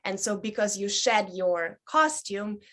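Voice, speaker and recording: A woman in her thirties, a burlesque dancer chatting as a guest, telling stories with many ums and likes and lively quoted voices. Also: medium pitch, measured pace. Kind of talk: casual interview chat.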